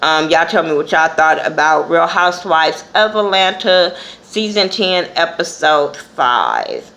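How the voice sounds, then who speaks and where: A woman's voice: low voice, sing-song, unhurried, a bit bright. A woman reviewing a TV episode in a casual vlog, talking bluntly with lots of swearing. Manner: blunt and profane, acts out quotes.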